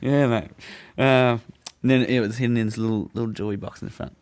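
A man's voice: mid-range voice, fairly even intonation, fast, darkish tone, clear, resonant tone. A young man telling a story in casual chat, laid-back, swearing freely and laughing as he goes.

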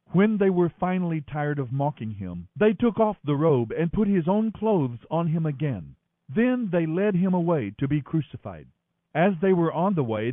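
A man doing a daily Bible reading in an expressive, dramatic manner. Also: on the high side, no room sound. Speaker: scripture reader. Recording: thin phone-like sound, dry.

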